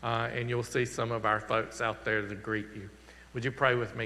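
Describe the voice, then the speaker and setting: A pastor with a Southern accent speaks in a church sanctuary, where the hall gives a long reverb. His medium-pitched voice is pushed and bright, with little pitch movement. He earnestly and conversationally covers announcements and a closing prayer, slowing down to emphasize.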